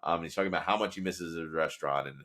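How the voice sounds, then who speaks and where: A man with a low voice talks quickly through a casual podcast recap. He rambles and fills pauses with ums and uhs as he paraphrases scenes. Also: a bit bright. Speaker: podcast host recapping episodes. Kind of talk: casual analytical commentary.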